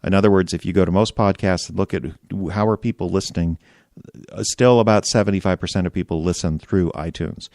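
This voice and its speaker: A man hosting a podcast, chatting in a relaxed, self-deprecating way. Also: low voice, fairly quick, dry recording, clean studio sound. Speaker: podcast host. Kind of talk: casual podcast talk.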